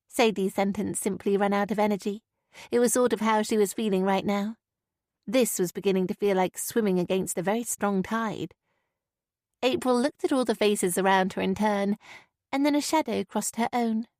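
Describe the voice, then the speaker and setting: A woman reads an audiobook in a measured, even voice at a middle pitch. The recording is dry and close, with no room sound. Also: no room sound. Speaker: audiobook narrator. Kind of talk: scripted narration.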